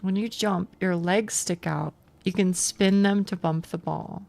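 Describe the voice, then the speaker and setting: A woman's voice: lowish voice, fairly even intonation, a little slow, vocal fry, a little mellow. A young woman streaming a game from home on a close mic, chatting casually with chat, self-deprecating, stammering and swearing.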